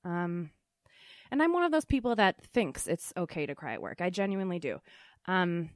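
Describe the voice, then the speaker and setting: A woman's voice: lowish voice, big pitch swings, moderate pace, dry recording. A young adult woman hosting her own podcast, chatting casually and confessionally with a rambling, self-deprecating manner and many filler ums, close on the microphone. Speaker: podcast host.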